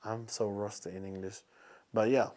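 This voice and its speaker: A man's voice: on the low side, flat delivery, normal speed, darkish tone. A young man from Peru with a Peruvian Spanish accent, speaking English as a second language and hosting a casual solo podcast while searching for words with many restarts. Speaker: podcast host.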